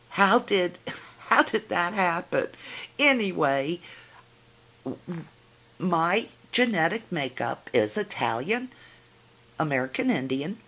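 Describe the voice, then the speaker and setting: A middle-aged woman with a drawl talks straight to her viewers in a casual vlog. Her voice sits low and she takes her time, chatty and teasing in a folksy way. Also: fairly bright tone. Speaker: video blogger. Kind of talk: casual vlog talking to camera.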